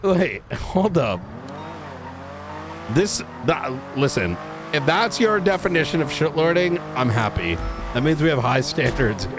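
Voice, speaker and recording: A man's voice: on the high side, very animated, a little slow, background noise. A man chatting casually on a live stream, rambling with restarts and the odd swear.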